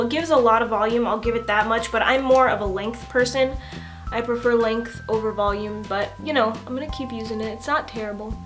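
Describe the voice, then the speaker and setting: A young woman in her twenties chatting casually through a makeup tutorial, telling stories in an animated, giggly way. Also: a little high. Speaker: beauty vlogger.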